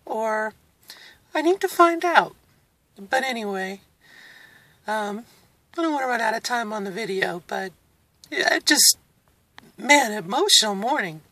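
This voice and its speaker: A woman in her forties speaking candidly in a personal video diary. She is emotional and halting, close to tears, with nervous laughs. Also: medium pitch, sharp tone, no echo. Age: 40s. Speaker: vlogger.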